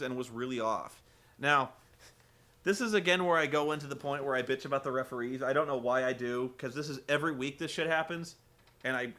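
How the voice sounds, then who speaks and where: A man's voice: fairly high pitch, pushed and bright. A man giving a sarcastic, rambling, profane comedic recap of a show as host.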